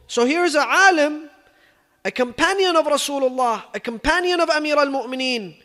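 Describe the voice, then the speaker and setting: A man with a very high voice tells a religious story in an emphatic sermon style, slipping Arabic phrases into his English. His voice carries a long reverb, as if he is speaking in a large hall. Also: animated, normal speed, pushed and bright. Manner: emphatic storyteller, acting out quoted speech, rich in Arabic phrases.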